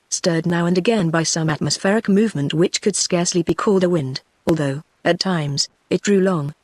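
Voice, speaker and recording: A synthetic text-to-speech woman's voice with a British accent, reading a novel as scripted narration in a steady tone. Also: fairly low pitch, no echo. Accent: British English. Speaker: audiobook narrator.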